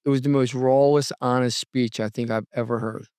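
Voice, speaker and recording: Male podcast host, casual and lively storyteller, mid pitch, dry studio sound. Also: fairly quick, clear, resonant tone, no echo. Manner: animated storyteller, acts out quotes with pitch jumps.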